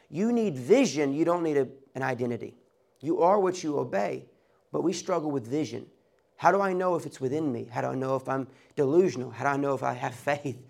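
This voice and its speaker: A man's voice: fairly high pitch, creaky. A man preaching a sermon, talking in a conversational way with playful asides. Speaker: pastor.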